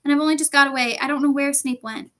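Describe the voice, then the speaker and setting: A woman voicing a clever, bossy schoolgirl who talks briskly and anxiously in a raised voice. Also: fairly high pitch, steady tone, natural voice. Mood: wailing.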